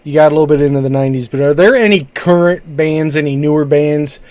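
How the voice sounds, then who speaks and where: A man's voice: on the high side, quick pace, darkish tone, no echo. A man co-hosting a podcast, asking his guest easy, friendly questions in a casual chat. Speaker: podcast co-host.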